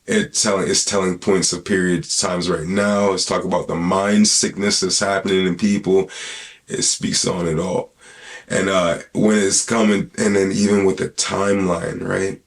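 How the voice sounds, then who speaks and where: A man's voice: low voice, flat delivery, normal speed, creaky. A man hosting a podcast in casual, rambling talk, full of slang and swearing. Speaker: podcast host.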